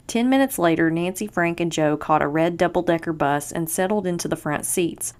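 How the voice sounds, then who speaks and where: A young woman podcast host reading a mystery book aloud, lightly acting out the dialogue. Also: low-pitched. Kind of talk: storybook read-aloud with character voices.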